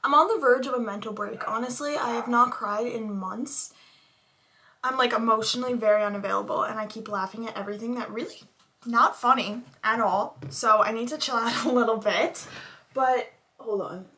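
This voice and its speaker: A young adult woman vlogs casually at home indoors, speaking to a handheld camera in a rambling, self-deprecating, anxious way. Her voice is on the high side, pushed and bright, at a normal speed.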